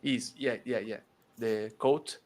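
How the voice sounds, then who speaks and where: A man whose first language is Portuguese, playing a tabletop game in English, stating his actions deliberately. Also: mid-range voice, steady tone. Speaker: player. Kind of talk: casual game talk.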